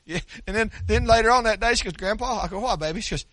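Older preacher guy, folksy sermon, bright sharp voice. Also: high-pitched, very fast. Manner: folksy storytelling preacher, rising to emphatic preaching. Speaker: pastor.

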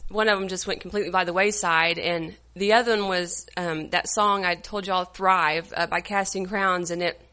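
A woman, leading a church devotional, tearful and halting, with many fillers. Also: fairly low pitch, steady tone, sharp tone. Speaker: women's church group leader.

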